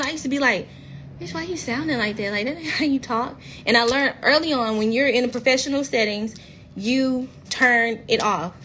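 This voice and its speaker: Southern woman in her 30s, Mississippi accent, candid livestream talk, slightly high voice, phone mic at home. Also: fairly bright tone, a little hiss or hum. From rural Mississippi, US. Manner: frank, chatty, swears freely. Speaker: reality TV cast member. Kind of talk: casual livestream chat.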